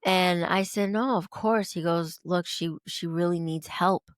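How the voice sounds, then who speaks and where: A woman guest telling a personal story in a lively way, acting out the dialogue she quotes. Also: lowish voice, unhurried, dry recording, studio quality. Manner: animated, acts out quoted dialogue. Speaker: podcast guest.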